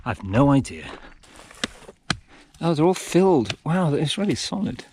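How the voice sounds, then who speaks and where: A man's voice: fairly high pitch, big pitch swings, a little slow, long pauses, darkish tone, a little hiss or hum. Chatty man vlogging on a mountain trail. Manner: chatty, self-mocking asides to himself. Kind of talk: casual running vlog narration.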